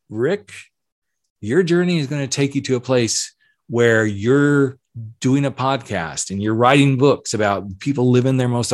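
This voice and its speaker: A man's voice: fairly low pitch, dry recording, clean studio sound. A man in his fifties with a light Southern accent, hosting a podcast in a candid, reflective monologue with emphatic repetitions. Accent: Southern American. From southern United States. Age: 50s. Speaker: podcast host.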